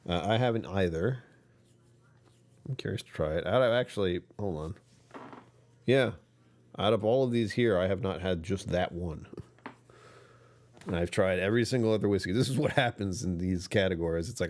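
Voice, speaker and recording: A man with a rumbly, somewhat low voice talks casually to his livestream audience. He sounds worn out and tired, yet keeps joking and laughing as he chats. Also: lively intonation, moderate pace, long pauses, a little mellow. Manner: chatty, joking, often laughing. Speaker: livestream host.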